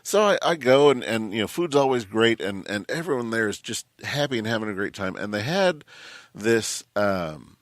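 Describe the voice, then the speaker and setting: Rambling male podcast host, lively pitch. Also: moderate pace, dry recording, studio quality. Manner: rambling storyteller, many fillers and restarts, laughs often. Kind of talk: casual podcast chat.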